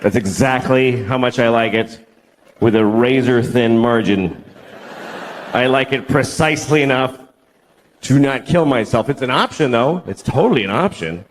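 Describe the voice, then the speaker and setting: A man in his forties doing stand-up comedy, deadpan, dark and profane. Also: medium pitch, normal speed, a little hiss or hum. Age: 40s. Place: stage in a comedy venue.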